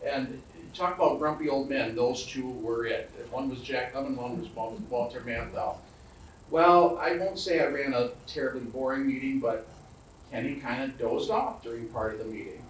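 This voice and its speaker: A man's voice: mid-range voice, moderate pace, a little hiss or hum. Jovial man telling a meeting anecdote. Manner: jovial storyteller who laughs at his own tales. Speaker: county board supervisor. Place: county board meeting room. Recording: roomy, distant meeting-hall mic.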